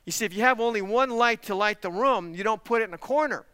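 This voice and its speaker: A man's voice: sits high, quick pace, pushed and bright, clean tone, dry recording. A man, a pastor, preaching a sermon with emphatic rhetorical questions and direct appeals to the congregation. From parents lived in Texas.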